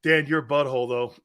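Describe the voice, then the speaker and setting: A man's voice: on the high side, pushed and bright. A man hosting a live sports talk show, boisterous and teasing, reading chat messages and laughing a lot. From Italian-American background.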